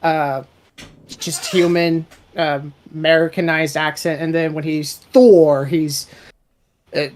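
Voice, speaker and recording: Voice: medium pitch, fairly even intonation, slow, a little mellow. Rambling audio drama creator in casual chat. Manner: rambling, restarts sentences often. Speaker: audio drama writer and director.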